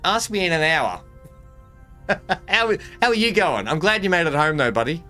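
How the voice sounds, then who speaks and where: A man streaming a game live, chatting in an excitable, rambling way and laughing often. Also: on the high side, moderate pace, soft background music. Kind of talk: live gameplay commentary.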